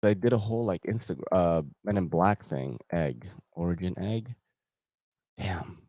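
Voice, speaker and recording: A young man with a lowish voice talks in loose, slangy banter and laughs easily as he hosts a casual gear show. He sounds close to the mic in a dry room with no echo. He speaks in an unhurried way, like chatting with friends. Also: warm tone. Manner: laid-back slangy banter, laughs often. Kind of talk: casual chat while browsing a website.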